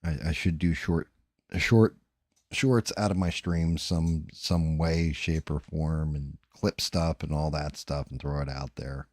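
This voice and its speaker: A man with a New Jersey accent, hosting a casual live stream while painting, talking fast, rambling and swearing. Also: a bass voice, steady tone, darkish tone, dry recording, studio quality. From New Jersey, USA.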